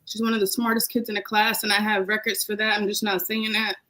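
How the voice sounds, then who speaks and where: A woman's voice: medium pitch, flat delivery, quick pace, pushed and bright, rough recording. Emotional young woman, casual heartfelt talk. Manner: emotional, heartfelt, repeats phrases. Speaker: podcast guest. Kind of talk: casual chat.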